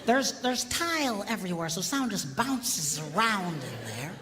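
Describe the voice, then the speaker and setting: A man in his fifties, a pastor, telling comic marriage stories to an audience and shouting his punchlines. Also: high-pitched, a little slow, a crowd in the background. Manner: animated storyteller, shouts punchlines. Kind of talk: comedic marriage seminar talk. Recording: echoey hall with faint background.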